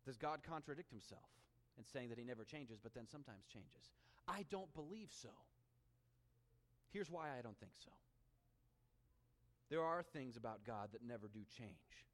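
A man preaching a sermon, reading scripture aloud and swinging between animated emphasis and hushed, intimate asides. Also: medium pitch, moderate pace, long pauses, big-room sound. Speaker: pastor.

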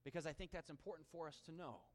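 Male pastor with a high, lively delivery, preaching a sermon that moves between emphatic scripture reading and quiet asides; long reverb. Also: quick pace. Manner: animated preaching, dropping to hushed intimate tones.

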